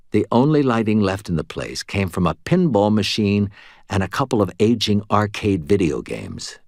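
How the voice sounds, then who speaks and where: Casting: male audiobook narrator, low voice, very expressive, dry close sound. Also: dry recording. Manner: wry, conversational storytelling. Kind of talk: first-person novel narration.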